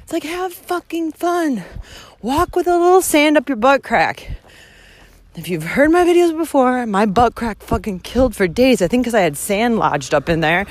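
A woman's voice: on the high side, moderate pace. Breathless, swearing young woman vlogging on a hike. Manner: blunt, heavy swearing, animated rants. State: out of breath from climbing. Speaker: vlogger hiking the Camino. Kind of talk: casual walking vlog monologue. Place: outdoors on a rural trail. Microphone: phone held while walking.

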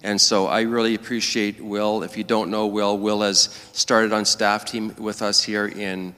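A male pastor with a lowish, bright, clear voice leads a church service in an easy, gentle manner. His words ring out with a long reverb from the church hall around him. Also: level tone. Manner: gentle, unhurried, prayerful. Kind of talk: church service introduction and prayer. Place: church sanctuary.

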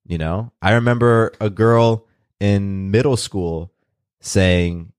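A man from California talking openly and earnestly in an interview, unhurried, often restarting his sentences. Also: fairly low pitch, clear, resonant tone, dry recording, studio quality. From California, USA. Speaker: guest. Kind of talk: reflective personal storytelling.

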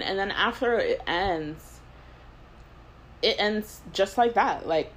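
A woman's voice: mid-range voice, animated, slow pace, a little hiss or hum, low-quality recording. A woman in her twenties hosting a podcast, telling a long story in casual chat, rambling with lots of "like" and laughing between thoughts. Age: 20s. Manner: rambling storyteller, heavy use of "like". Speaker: podcast host.

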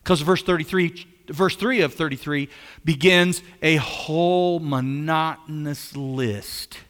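A man with a high, bright voice preaches a sermon as pastor. He talks in an animated way, repeats his phrases and keeps asking his listeners questions. His voice carries a long reverb, as in a large hall. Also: slow pace.

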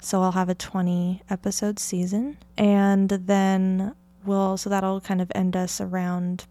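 A young woman from Oregon chats through a solo podcast episode, keeping her pitch in an ordinary middle register. She rambles freely from thought to thought. Filler words and small laughs run through her easy talk. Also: flat delivery, a little slow, warm tone. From Oregon, United States. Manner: chatty and rambling, heavy use of "like", light laughter. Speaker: podcast host. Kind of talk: casual solo podcast chat.

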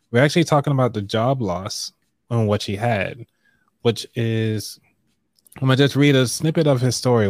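A man's voice: mid-range voice, dry recording. Laid-back man hosting a live money show. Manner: relaxed, loose, with fillers and throat clearing. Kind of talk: casual live-stream chat and reading aloud.

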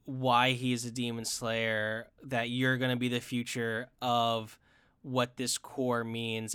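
A man chatting about a film he loved, his words tumbling out in restarts and fillers. His voice is bright and clear, picked up dry and close. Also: medium pitch, dry recording. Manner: excited, rambling with many restarts and fillers. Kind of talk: casual chat reviewing an anime film.

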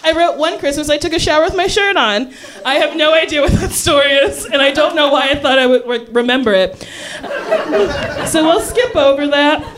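A woman's voice: sits high, fairly quick, a bit bright. A woman telling a funny story on stage, often breaking into laughter as she talks. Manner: laughs often while talking. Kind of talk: comedic storytelling.

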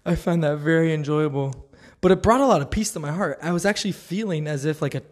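A man's voice: on the high side, quick pace. A man giving a casual devotional talk, earnest and conversational, often laughing. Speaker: Christian speaker.

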